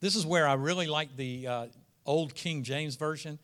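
A man's voice: a little high, moderate pace, a bit bright. A male preacher, reading scripture aloud and breaking into casual asides that build to emphatic peaks. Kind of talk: sermon.

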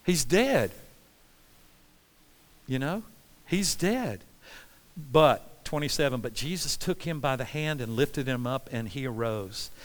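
A man preaching a sermon with passion, swinging between loud pleas and hushed, quiet lines. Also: mid-range voice, measured pace. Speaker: pastor. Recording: long hall reverb.

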